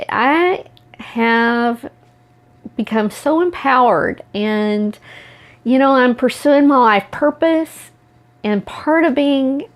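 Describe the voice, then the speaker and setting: A middle-aged woman from Oklahoma with an Oklahoma Southern accent, giving an earnest, confiding motivational talk to camera. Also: medium pitch. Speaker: self-empowerment vlogger.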